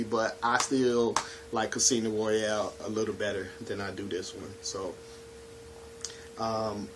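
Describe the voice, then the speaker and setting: Brief: easygoing man, mid pitch, relaxed chatty reviewer, faint noise behind. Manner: laid-back, chatty, keeps saying "you know what I'm saying". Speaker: home video collection reviewer. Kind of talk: casual video review.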